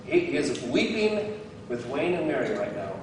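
A man's voice: medium pitch, big pitch swings, normal speed, crowd noise. A man preaching a sermon as a guest speaker, candid and self-deprecating, with bursts of laughter. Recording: very echoey hall, heard from some distance.

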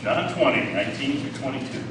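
A man preaching a sermon, reading scripture and explaining it with animated asides, often asking "Okay?". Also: medium pitch, a little fast, very echoey, recorded from a distance, noisy background.

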